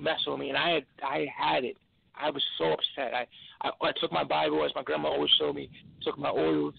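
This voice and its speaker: A tired man, a podcast guest, telling an emotional personal story in an earnest, halting way with many restarts. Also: a little high, creaky, husky. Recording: tinny phone line.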